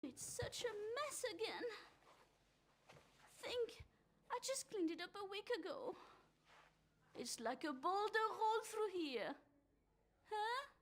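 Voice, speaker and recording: A woman with a French accent playing a chatty, fussy Parisian landlady in a video game trailer, gossipy and lively. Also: very high-pitched, slow pace, pauses often, heavily acted. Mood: fussing. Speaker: game character.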